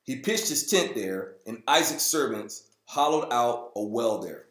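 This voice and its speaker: A man's voice: expressive, unhurried, fairly bright tone, roomy sound. A man hosting a casual Bible reading show, reading aloud and breaking in with jokes and goofy character voices. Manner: jokey, acts out the people in the story in goofy high voices. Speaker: host.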